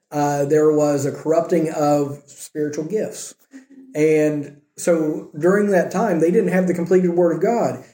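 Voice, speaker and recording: A man with a slightly high voice and a dark tone preaches a sermon conversationally, often putting rhetorical questions to his listeners. The recording has a roomy echo.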